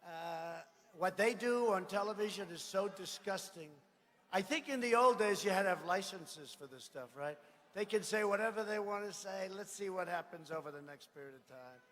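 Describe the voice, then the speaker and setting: A man giving a rally speech, boastful and mocking, repeating himself and bursting into shouts. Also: high voice, expressive, moderate pace. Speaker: political speaker at a rally. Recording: echoey hall with faint ambience.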